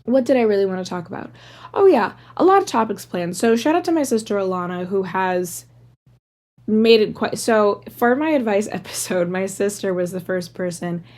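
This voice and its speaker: A woman's voice: mid-range voice, lively intonation, moderate pace, a little mellow. A woman in her thirties hosting a solo podcast, rambling casually through tangents with lots of "like" fillers. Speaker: podcast host.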